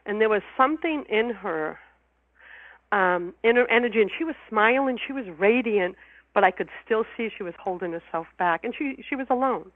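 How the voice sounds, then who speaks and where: A woman's voice: a little high, animated, normal speed, dry recording. A woman guest telling a personal story in an interview, heartfelt and emotional, often repeating her words. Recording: phone line.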